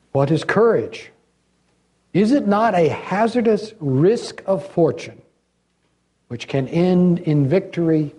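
Slow, mellow-voiced older preacher. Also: male voice, fairly high pitch, slightly rough. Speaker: retired pastor, guest preacher. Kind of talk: sermon with readings.

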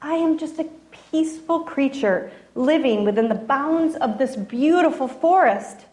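A woman voicing a gentle, noble male ibex who is wise and compassionate, in a soft, kindly storytelling voice. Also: high voice, animated, measured pace. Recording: roomy echo.

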